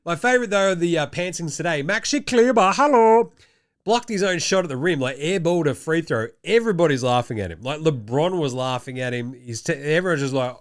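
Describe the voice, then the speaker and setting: A man's voice: on the high side, animated, brisk. A young Australian man hosting a basketball show, giving casual, jokey commentary and swearing freely.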